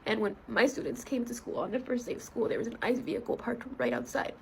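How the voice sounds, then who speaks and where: A woman in her thirties talks through a heartfelt, halting personal video, her voice breaking off and restarting. There is a gravelly fry in her tone and a faint hiss under the recording. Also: on the high side, lively intonation, low-quality recording. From United States. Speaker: school therapist.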